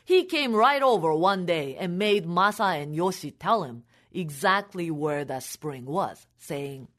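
A woman telling a folk tale for families in an expressive, animated way. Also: on the low side, measured pace. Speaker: storyteller.

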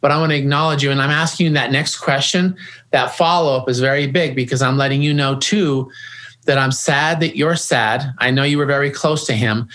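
A man's voice: mid-range voice, steady tone, brisk, a bit bright. A middle-aged man guesting in an interview, speaking earnestly and often restarting and repeating his words. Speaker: grief organization founder, guest. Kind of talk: conversational interview.

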